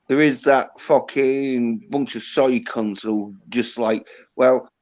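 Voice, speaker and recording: A man's voice: medium pitch, steady tone, takes it slowly, a little mellow. A man hosting a casual livestream, trading crude, profane banter with his guests. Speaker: livestream host. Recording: dull lo-fi sound.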